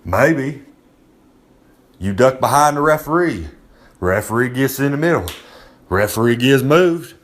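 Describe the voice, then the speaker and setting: A man's voice: mid-range voice, expressive, a little slow, long pauses. A man giving a casual, swaggering monologue of tips as a recurring segment presenter, talking loose and streetwise and repeating himself for effect. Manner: swaggering, loose, repeats "I'm just saying", streetwise slang.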